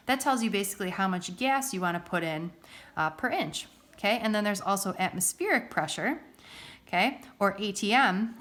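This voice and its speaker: A woman teaching a recorded science lesson at a mid-range pitch. She talks in a relaxed, chatty way. She keeps checking in with her listeners as she explains. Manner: casual, chatty, checks in with "okay?".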